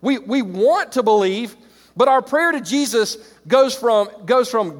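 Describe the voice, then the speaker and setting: A middle-aged man preaching to church leaders, animated, swinging between loud exclamations and quiet reflective stretches. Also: very high voice, a little slow. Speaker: pastor. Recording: reverberant hall.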